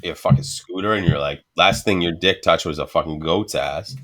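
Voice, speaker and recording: Brief: low-voiced male podcast host, crude profane banter. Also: normal speed, fairly bright tone. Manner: crude, joking, heavy swearing.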